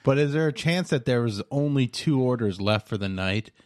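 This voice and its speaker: A man's voice: medium pitch, animated, normal speed, no room sound, clean studio sound. A man hosting a casual podcast, asking curious questions and making wry remarks. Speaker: podcast host.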